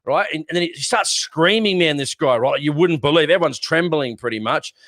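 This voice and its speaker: An Australian man hosting a podcast, chatting casually and telling a rambling, animated army story. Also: on the high side, brisk, no echo, studio quality. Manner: rambling, animated storyteller who acts out shouting. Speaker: podcast co-host.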